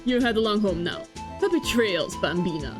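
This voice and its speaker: A woman's voice: mid-range voice, lively intonation, drawn-out words, voice pushed down. A woman voicing a swaggering male detective who talks like a cowboy, drawling folksy slang. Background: game music.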